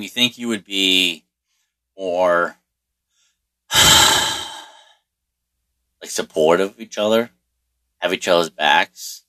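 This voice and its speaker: In a casual storytelling monologue, a middle-aged man with a lowish, sharp-toned voice rambles through a personal story. He swears, restarts often and leans on fillers.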